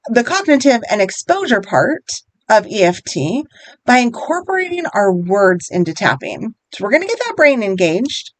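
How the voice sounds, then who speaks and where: A woman guiding listeners through a tapping exercise, speaking gently and encouragingly, step by step. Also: a little high, dry recording. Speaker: EFT wellness guide. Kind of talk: guided tapping instruction.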